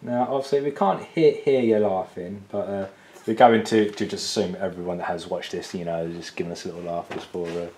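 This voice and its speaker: A man's voice: sits low, steady tone, fast talker, a little mellow, rough recording. A man co-hosting a painting video, bantering playfully and teasing his partner. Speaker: miniature painting channel co-host. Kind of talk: casual banter while painting.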